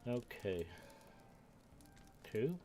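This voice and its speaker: Older man, rambling game-stream chatter, middling pitch, slight background hiss. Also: sing-song, drawn-out words, dark tone. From United Kingdom. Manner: chatty, rambling, talks to himself. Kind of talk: casual live-stream commentary while playing.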